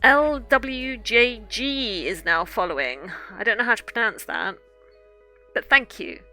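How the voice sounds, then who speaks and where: Bright, slow-talking middle-aged woman streamer. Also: on the high side, expressive, soft background music. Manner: chatty and effusive, thanking viewers often. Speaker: author and livestreamer. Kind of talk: casual livestream chat to viewers. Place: small home room corner.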